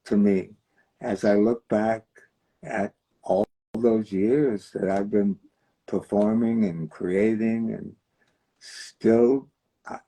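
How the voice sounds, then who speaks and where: An older man hosting a show, talking to viewers in a slow, rambling, fond way. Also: fairly low pitch, warm tone, breathy edge, low-quality recording. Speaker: host. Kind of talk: casual chat to viewers.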